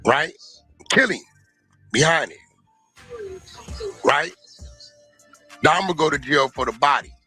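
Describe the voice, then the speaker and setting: A man's voice: fairly high pitch, huge pitch swings, slow, pauses often, bright, forceful tone, soft background music. A man telling a story bluntly in clipped street slang, played as a clip.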